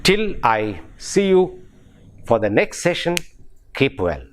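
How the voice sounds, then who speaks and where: A man's voice: medium pitch, very animated, slow, slight background noise. A man giving a recorded university lecture, repeating key words and spelling words out letter by letter.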